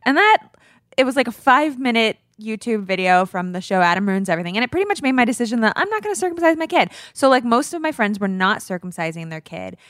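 This podcast co-host, a woman in her thirties, tells stories in casual conversation and laughs a lot. She speaks fast in a fairly high, slightly bright voice with wide swings in pitch. The studio sound is clean and carries no room tone.

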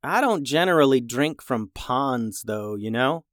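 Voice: medium pitch, animated, a little slow, dry recording, studio quality, close to an everyday voice. A reader voicing a wry, reluctant boy who grumbles a little in a storybook. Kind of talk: storybook reading.

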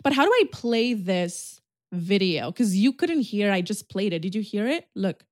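A woman's voice: mid-range voice, very animated, normal speed, a little mellow, no room sound, clean studio sound. A woman in her twenties hosting a podcast, chatting casually and animatedly, swearing and laughing often. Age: 20s. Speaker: podcast host. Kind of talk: casual chat.

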